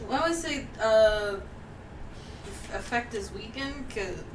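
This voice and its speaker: A woman's voice: a little high, animated, slow. Eager woman player, noisy line. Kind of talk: casual tabletop play.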